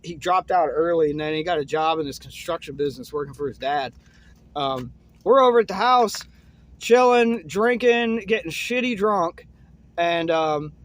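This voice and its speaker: A young man tells a rambling story casually, peppering it with "man" and "uh," and his voice drops low and soft at the grim moments.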